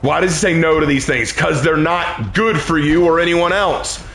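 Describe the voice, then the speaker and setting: Guy preaching hard while gaming, higher voice that jumps all over, roomy echo. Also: normal speed, fairly bright tone, slight background noise. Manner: emphatic and repetitive, preacher-like. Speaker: gamer streaming gameplay.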